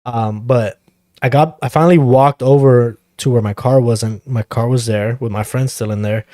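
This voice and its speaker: A man's voice: mid-range voice, fairly even intonation, normal speed, warm tone, no room sound, clean studio sound. A young man hosting a podcast, telling a story in a laid-back, casual way, swearing freely and chuckling now and then. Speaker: podcast host.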